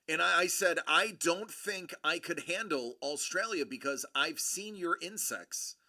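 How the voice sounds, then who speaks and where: Measured in pace with hardly any pauses, a middle-aged man's high-leaning, bright, forceful voice carries a casual collectibles show. He rambles and jokes through stories, frequently starting over.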